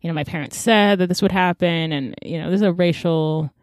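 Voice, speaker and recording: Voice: medium pitch, brisk, dry recording, clean studio sound. A podcast co-host from Africa, chiming in on a book discussion with wry commentary and side notes. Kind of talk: casual book-discussion chat.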